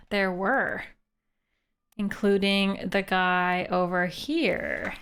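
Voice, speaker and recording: A woman's voice: mid-range voice, slight background noise. Chatty woman streaming a game. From Canada. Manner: chatty, thinks aloud, laughs often. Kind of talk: live game commentary.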